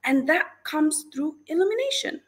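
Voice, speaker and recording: A woman hosting a livestream, giving an animated, exclamatory faith talk and greeting viewers in the chat. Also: high voice, moderate pace, slight background noise. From Nigeria. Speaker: livestream host.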